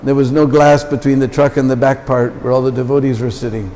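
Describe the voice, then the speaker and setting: A man's voice: mid-range voice, flat delivery, fairly quick, warm tone, slight background noise. A man giving a temple lecture full of anecdotes, with chatty asides to the listeners. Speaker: visiting lecturer. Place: large temple hall. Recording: long temple hall reverb.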